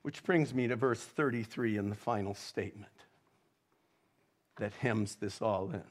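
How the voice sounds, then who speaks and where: A male pastor delivering a sermon in a measured, reflective way, reading quotations with feeling. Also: on the low side. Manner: slow, measured preaching with dramatic readings of quotes.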